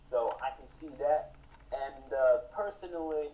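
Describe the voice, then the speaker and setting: Swaggering slangy man, mellow tone. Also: medium pitch, unhurried, dull audio. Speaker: guest. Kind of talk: casual podcast chat.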